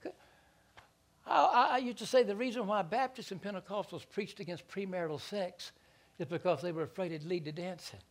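Man, pastor, sermon, stammered repeats, fairly high voice, hushed asides rising to loud preaching. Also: brisk, slight background noise.

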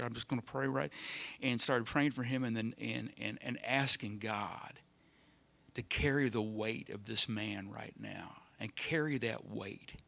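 A middle-aged man giving a personal testimony to a church congregation, telling his story in an earnest, halting way full of restarts. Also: medium pitch, bright, forceful tone, no echo. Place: church, speaking in front of people.

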